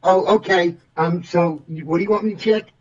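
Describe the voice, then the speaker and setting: A man's voice: high-pitched, brisk, dull audio, natural voice. A man playing a flustered, flamboyant airline pilot who rambles and stammers through repeated words in an improvised comedy bit. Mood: chirpy. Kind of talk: improvised comedy role-play over radio chatter.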